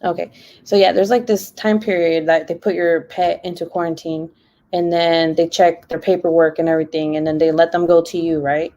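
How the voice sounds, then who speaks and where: A woman's voice: fairly low pitch, level tone, normal speed, mellow. A young woman live streaming, telling a long story in a casual, rambling way while reading the comments. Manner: chatty, rambling, heavy use of "like".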